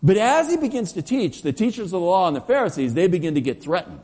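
A man preaching a sermon as pastor, storytelling with energy and dropping to slow, soft emphasis on key words. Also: high voice, very animated. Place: church sanctuary. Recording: long church reverb.

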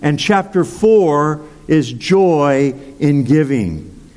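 A male pastor preaching a sermon, unhurried and emphatic, repeating words and leading the congregation in call-and-response. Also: a little high, expressive, darkish tone. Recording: long hall reverb.

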